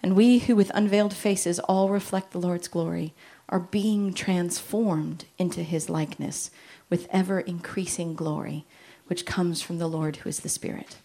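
A woman and parent giving a lively Christian talk on parenting, joking and acting out little quoted voices. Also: fairly low pitch, moderate pace, few pauses. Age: adult with children. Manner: animated, jokey, acts out quotes.

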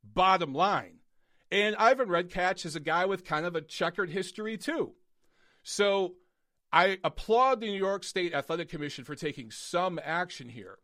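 A man's voice: high-pitched, expressive, normal speed, bright, forceful tone, dry recording, studio quality. Blunt ranting man, boxing show host. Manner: blunt, emphatic, profane ranting. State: losing his voice. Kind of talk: live-streamed boxing commentary rant. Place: padded soundproofed home studio.

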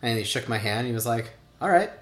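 Rapid-fire and flat, this mid-range, slightly bright male voice belongs to a man in his thirties telling personal stories for an oral history. He's chatty, uses lots of "like," and acts out quotes, with roomy echo around him.

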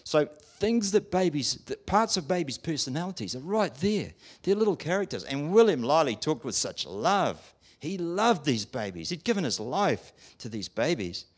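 A man's voice: a little high, normal speed, hardly any pauses, breathy edge. A man preaching a sermon in an emphatic way, often asking his listeners questions. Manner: animated, emphatic, asks the audience questions.

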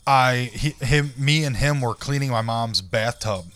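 A man's voice: mid-range voice, unhurried, a bit bright. Young male podcast co-host, crude banter, laughs a lot. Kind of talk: casual chat.

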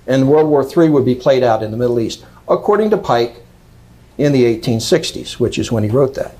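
A man's voice: medium pitch, animated, a little fast, mellow, poor audio. A man giving a lecture, reading out quotes and commenting on them emphatically, often checking in with "okay?".

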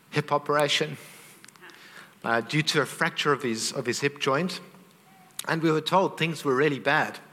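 A man's voice: mid-range voice, bright, forceful tone, big-room sound. A middle-aged man teaching on faith, earnest and heartfelt, openly emotional as he tells a family story. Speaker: Christian teacher.

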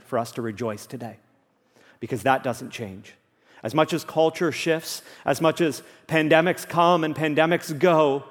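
A man's voice: fairly high pitch, big-room sound. A man preaching a Sunday sermon as pastor, earnest and emphatic, repeating key phrases for weight.

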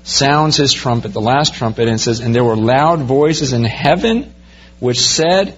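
A man preaching a sermon verse by verse, growing animated as he pictures the scene for his listeners. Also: medium pitch, unhurried, muffled recording, slight background noise. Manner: animated, rising to excited storytelling. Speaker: pastor.

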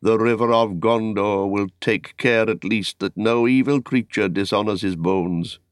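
A man's voice: on the low side, fairly even intonation, unhurried, clear, resonant tone, dry recording, clean studio sound, natural voice. A man reading as a grave, weary warrior leader. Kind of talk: audiobook character reading.

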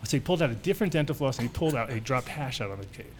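A man's voice: medium pitch, rapid-fire, soft background music. A man hosting a show, telling a rambling, profane story and acting out the people in it. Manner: animated, profane, acts out voices in his stories. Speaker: show host. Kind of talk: casual storytelling chat.

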